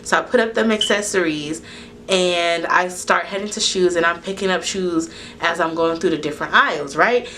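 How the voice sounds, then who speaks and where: A woman with a fairly low voice tells a casual storytime straight to her camera, animated and full of swearing. She jumps into the voices of the people in her story as she goes. A faint hum sits under the recording. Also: normal speed. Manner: animated, profane retelling that acts out dialogue. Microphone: camera recording to SD card.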